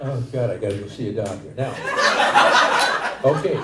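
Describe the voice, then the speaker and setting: An older man doing a stand-up set, with a halting, rambling delivery full of restarts. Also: medium pitch, expressive. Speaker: stand-up comedian. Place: comedy theater stage, live audience. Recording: echoey room, far from mic, noisy.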